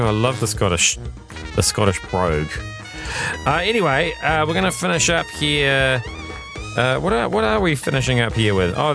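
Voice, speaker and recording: A man's voice: mid-range voice, gravelly. A man, co-hosting a radio show in a dry, self-deprecating chat. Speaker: radio co-host and news presenter. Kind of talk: casual radio banter. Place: radio studio. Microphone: close studio microphone.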